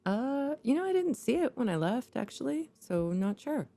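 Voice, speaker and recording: Easygoing woman with a gravelly voice. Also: high-pitched, sing-song, moderate pace, mellow. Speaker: player. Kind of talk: tabletop play chatter.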